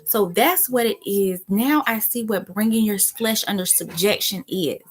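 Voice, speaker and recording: A soft-spoken woman giving a reflective spiritual talk as a teacher. She thinks aloud with restarts and bursts into sudden excited exclamations. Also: mid-range voice, measured pace, breathy edge.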